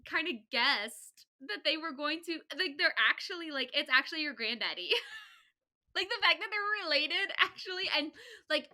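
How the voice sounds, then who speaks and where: A woman's voice: sits high, lively intonation, moderate pace, sharp tone. A young woman co-hosting a podcast, chatting casually about a book in a rambling way, with frequent "like" and laughter. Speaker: podcast co-host.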